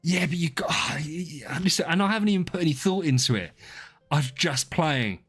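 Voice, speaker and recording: A man's voice: a little high, lively intonation, normal speed, fairly bright tone, husky. Rambling man streamer chatting to viewers. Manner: rambling, self-deprecating, talks to chat by name. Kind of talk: casual live-stream chat. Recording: faint music behind.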